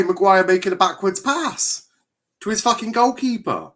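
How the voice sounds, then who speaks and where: A man's voice: high-pitched, moderate pace, fairly bright tone. A man hosting a live football watchalong stream, reacting with exasperation and frequent swearing as he chats to viewers.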